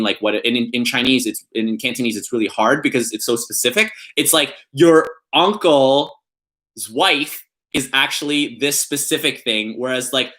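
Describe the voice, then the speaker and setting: A man's voice: medium pitch, bright, forceful tone. A young man hosting a casual vlog, talking in a playful, giggly way and hamming up each pun. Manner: playful, giggly, reads puns in a put-on emphatic voice. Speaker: vlogger.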